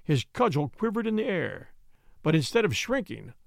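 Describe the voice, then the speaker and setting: Male audiobook narrator, measured storytelling, gravelly, dry close recording. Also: a little high, big pitch swings, dry recording. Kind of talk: scripted narration.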